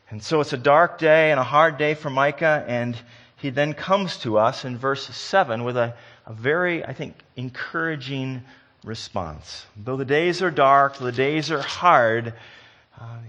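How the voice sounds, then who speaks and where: Middle-aged male preacher, bright forceful tone, shifts between hushed and booming delivery. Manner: swings from quiet reflection to loud emphatic preaching. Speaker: pastor. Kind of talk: sermon.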